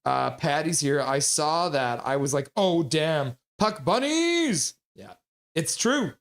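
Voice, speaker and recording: Man, slightly high voice, casual stream host, reads chat aloud, laughs a lot. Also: a little slow, vocal fry. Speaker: streamer hosting a hockey watch-along. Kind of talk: casual live-stream chat reading viewer comments.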